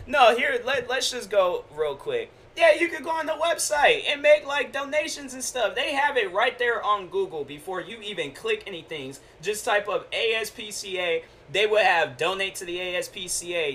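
A man in his twenties casually telling stories on his own podcast, slangy and relaxed, acting out the exchanges he describes. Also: slight background noise. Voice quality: deep voice. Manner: laid-back slangy storytelling, acts out quoted exchanges. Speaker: podcast host. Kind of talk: casual storytelling monologue. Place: home, at a laptop.

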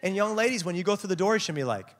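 An energetic young man delivering a youth sermon, his pitch leaping around as he acts out little scenes and jokes. He preaches casually and lets his voice jump high for effect. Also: racing. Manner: animated, jokey, acts out quotes with big pitch swings. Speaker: youth pastor. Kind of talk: lively sermon.

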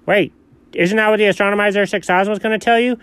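A man's voice: sits high, fairly even intonation, fairly bright tone, clean tone, no room sound. A man playing a curious, nerdy young male sidekick who keeps asking questions in comedy banter. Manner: inquisitive, quick follow-up questions. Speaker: co-host.

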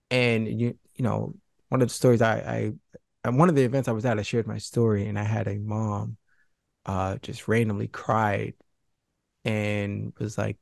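A man as an interview guest, speaking earnestly and haltingly, often restarting his sentences. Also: on the low side, little pitch movement, creaky, darkish tone, dry recording, clean studio sound. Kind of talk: candid interview conversation.

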